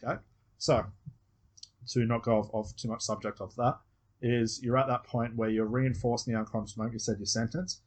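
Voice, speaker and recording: A man's voice: mid-range voice, flat delivery, normal speed. A man with an Australian accent coaching a student one on one, patiently explaining step by step and acting out example phrases. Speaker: hypnosis coach.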